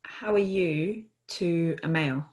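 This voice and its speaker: Cheerful low-voiced woman learning online. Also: a little slow, a little mellow, breathy edge. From half Scottish. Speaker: student. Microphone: video call.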